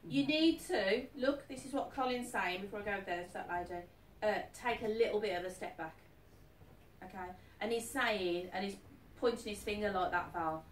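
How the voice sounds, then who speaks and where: A woman's voice: mid-range voice, moderate pace. Chatty woman medium, echoey hall. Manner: chatty, keeps asking "are you with me?". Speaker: psychic medium. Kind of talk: live reading to an audience. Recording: echoey room, distant mic, faint noise.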